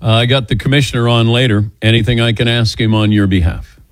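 A man's voice: medium pitch, steady tone, quick pace, no room sound. A man hosting a sports radio show, talking in an easygoing, teasing and chatty way. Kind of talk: casual radio talk.

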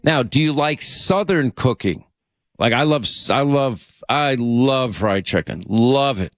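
A man's voice: medium pitch, expressive, unhurried, no echo, studio quality. A man hosting a call-in radio talk show, chatting casually and rambling in a friendly way with callers.

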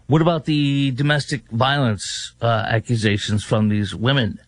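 A man's voice: medium pitch, moderate pace, hardly any pauses, no echo. A man hosting a political talk radio show, sarcastic and mocking, firing off rhetorical questions.

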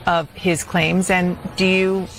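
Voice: mid-range voice, little pitch movement, takes it slowly, a bit bright, poor audio. A TV news interviewer asking a guest direct questions.

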